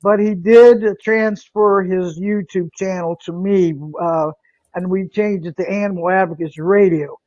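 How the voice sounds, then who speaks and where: A woman's voice: mid-range voice, fairly even intonation, warm tone, no room sound. A woman hosts a live internet radio show in loose, unscripted talk. She rambles, stumbles and restarts her sentences. Her voice sounds close and dry, with a muffled, lo-fi quality. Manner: rambling, halting, with many fillers and restarts. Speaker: radio podcast host.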